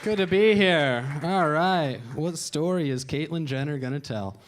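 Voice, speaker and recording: A man performing stand-up into a handheld mic on a club stage, his voice sitting a bit higher than most men's. He tells wry, self-deprecating stories and jumps into raised voices when he acts out other people. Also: lively intonation, a little slow, background noise. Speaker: stand-up comedian. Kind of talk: stand-up comedy set.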